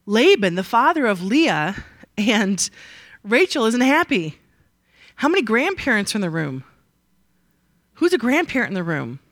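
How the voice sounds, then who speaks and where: Speaking in a fairly high voice, a woman leads a live Bible study group in a conversational tone. She stays lively, frequently posing rhetorical questions to the group and answering them herself. The recording is dry and of studio quality.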